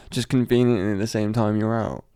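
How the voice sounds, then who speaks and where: A man's voice: lowish voice, dark tone, smooth, dry recording, studio quality. A man co-hosting a podcast, laid-back and sweary, calling his friend mate. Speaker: podcast co-host. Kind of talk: casual chat.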